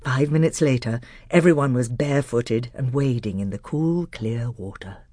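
Low, husky woman reading a storybook. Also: normal speed, no echo, studio quality. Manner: expressive storytelling. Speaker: narrator. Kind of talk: audiobook reading.

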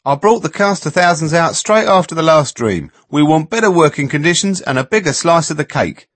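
A man voicing a cynical, brisk shop steward with a challenging manner, in a storybook reading. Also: on the high side, expressive, a bit bright, no echo, pitched above the performer's own voice.

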